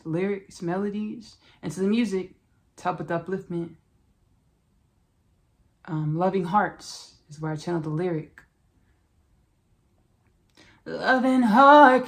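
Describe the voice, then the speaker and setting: Woman podcast host with a gravelly low voice. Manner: relaxed, rambling, spiritual talk with restarts. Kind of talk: casual podcast intro and self-promotion.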